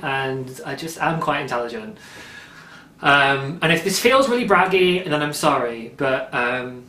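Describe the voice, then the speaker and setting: A man's voice: a little high, bright, forceful tone. Chatty man in a roomy space. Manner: chatty and rambling, laughs often. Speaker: knitting podcast host. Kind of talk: casual chat. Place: indoor room at home, daylight. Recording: roomy echo.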